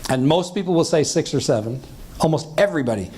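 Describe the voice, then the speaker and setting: A man's voice: a little high, animated, quick pace, darkish tone, a little hiss or hum. A man teaching a seminar on sales, who acts out the dialogue he describes and keeps checking in with his listeners. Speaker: sales trainer. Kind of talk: seminar talk to a live audience.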